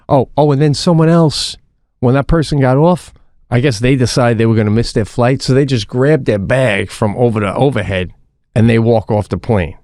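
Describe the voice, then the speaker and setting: A man co-hosting a podcast, telling a casual story in an animated way, swearing and restarting his sentences. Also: medium pitch, normal speed, no room sound, studio quality. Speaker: podcast co-host.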